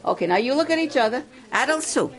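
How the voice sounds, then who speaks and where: A woman's voice: high voice, lively intonation, fast. An older woman giving a sermon at a camp, coaxing her listeners with many questions. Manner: coaxing, asks the crowd questions. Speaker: camp speaker.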